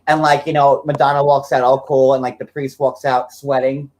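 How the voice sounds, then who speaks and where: A man's voice: mid-range voice, flat delivery, moderate pace, a little mellow. Chatty man in his forties hosting. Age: 40s. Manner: chatty, fillers of "like" throughout. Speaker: livestream host. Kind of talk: casual livestream chat.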